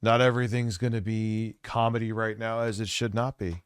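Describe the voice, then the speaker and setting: A man's voice: lowish voice, flat delivery, normal speed, smooth, no echo, studio quality. A man in his forties ranting crudely on a late-night stream, swearing constantly and sounding stressed and worn out. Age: 40s. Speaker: livestreamer reacting to a video.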